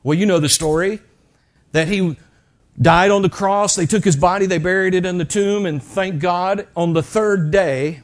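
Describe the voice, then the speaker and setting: Man, pastor, high voice, dramatic sermon delivery, church. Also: normal speed. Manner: animated, dramatic storytelling with shifts in loudness.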